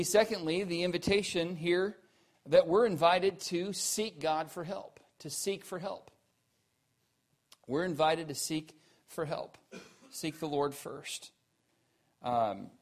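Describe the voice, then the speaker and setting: Man with a high voice preaching; earnest, questioning, swings from emphatic to quiet. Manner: rising to emphatic peaks, then dropping low and quiet; earnest, asks the listeners questions. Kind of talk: sermon.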